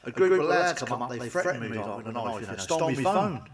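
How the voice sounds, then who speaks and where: Recorded from a distance, this expressive mid-range male voice moves at a quick pace. He's a stand-up comic delivering crude one-liners, cursing, staying chatty, and seeking the listener's agreement.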